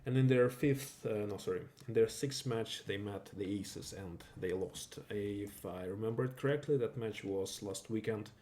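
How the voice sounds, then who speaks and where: A man whose first language is not English commentating a live stream match, halting and correcting himself as he goes. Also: fairly low pitch, warm tone. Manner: halting, self-correcting, with fillers.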